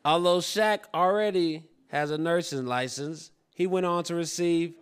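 A man acting as guest clue-giver on a live quiz show, laid-back and quick to laugh. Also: on the high side, slight background noise. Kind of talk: joking live game show banter.

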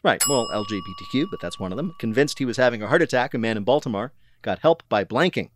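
A man hosting a news quiz, reading questions briskly and landing wry punchlines. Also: medium pitch, expressive, slight background noise. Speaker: quiz show host.

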